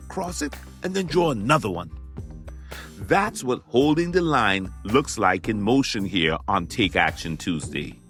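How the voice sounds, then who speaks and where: A man hosting a motivational talk, emphatic and animated, repeating his key phrases for the listener. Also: mid-range voice. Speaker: podcast host.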